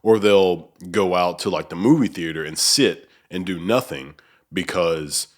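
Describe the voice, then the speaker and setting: Man, podcast host, very low voice, rambling, filler-heavy, small echoing room. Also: a little slow. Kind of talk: casual conversation.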